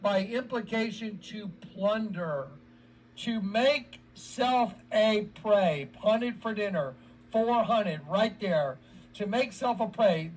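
A man's voice: sits high, recorded from a distance, slight background noise, poor audio. A man giving heated scripture commentary, agitated, often asking "ready?" and drawing out quoted words. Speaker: online preacher.

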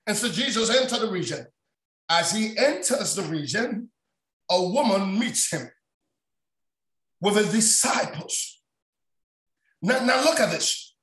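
A man preaching a sermon on a prayer line, shouting often and repeating his phrases. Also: sits high, lively intonation, slow, pauses often. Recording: echoey room sound.

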